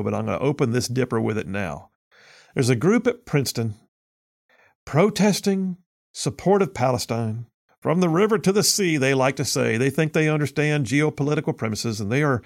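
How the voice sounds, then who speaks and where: Man, talk radio host, gravelly voice, lively swinging pitch, sarcastic, mocking. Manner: mocking, sarcastic, laughs often. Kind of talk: opinionated talk radio commentary.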